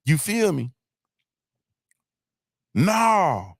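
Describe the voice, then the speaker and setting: A man's voice: a little high, big pitch swings, extremely slow, gravelly, no room sound, studio quality. A man hosting a live morning show, talking in a casual, motivational way. He is blunt and emphatic, curses freely, and keeps checking in with his listeners. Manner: emphatic, repetitive, often asks "you feel me?"; blunt, uses profanity. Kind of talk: casual motivational livestream talk.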